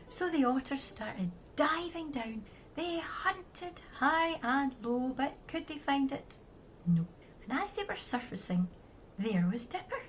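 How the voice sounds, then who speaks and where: Lively woman telling a story. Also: high-pitched, unhurried, a little hiss or hum, rough recording. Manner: lively, dropping to soft whispers. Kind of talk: children's story narration.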